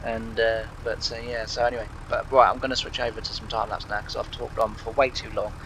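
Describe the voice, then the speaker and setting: A man's voice: fairly low pitch, level tone, brisk, a bit bright, a little hiss or hum. A man telling a long, rambling story to his channel's viewers, quoting both sides of a conversation and laughing along. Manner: rambling anecdote with laughs and quoted dialogue. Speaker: gaming channel host. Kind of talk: casual storytelling over gameplay.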